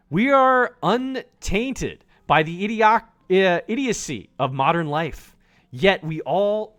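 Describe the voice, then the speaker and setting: A man voicing a pompous, haughty male chef from a video game's journal, reading the chef's entries in a lowered, disdainful tone. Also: fairly bright tone.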